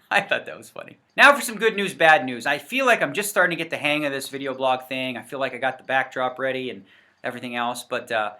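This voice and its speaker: A man's voice: mid-range voice, quick pace, pushed and bright. A man giving a casual, rambling rant to camera on a vlog, full of fillers and self-corrections. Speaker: poker vlogger. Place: indoors in front of a set backdrop. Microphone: facing the camera.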